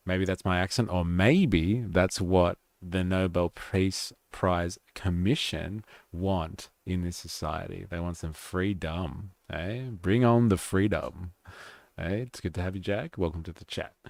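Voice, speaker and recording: A deep-voiced man with a rough, gravelly edge hosts a live stream. He reads a statement aloud and keeps interrupting it with sarcastic, mocking remarks. The sound is dry, with no room echo. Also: a little slow, darkish tone. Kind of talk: reading aloud with sarcastic commentary.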